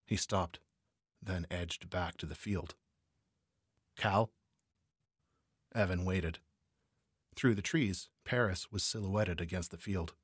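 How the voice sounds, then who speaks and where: A man narrating a noir crime story as an audiobook reader, measured and steady. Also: low voice, slightly rough, dry recording, studio quality.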